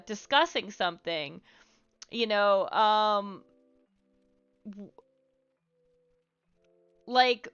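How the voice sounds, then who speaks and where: On her livestream, a woman offers social advice in a loose, rambling, frank way, sprinkling in "like" and "um" and casual swearing. Her voice is medium-pitched, smooth, and a bit bright. The audio sounds slightly muffled, and faint music plays.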